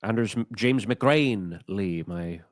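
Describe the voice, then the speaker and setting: A lowish male voice telling loose, rambling, self-deprecating stories on a podcast. It is recorded close and dry, with no room echo. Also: takes it slowly. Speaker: podcast co-host. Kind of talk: casual comedic chat.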